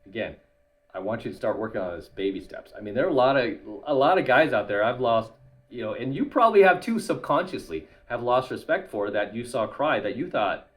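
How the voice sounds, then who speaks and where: A man's voice: mid-range voice, expressive, fairly quick. A man and YouTuber coach talking bluntly in a casual monologue to camera, tagging his points with "right?". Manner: blunt, tags lines with "right?".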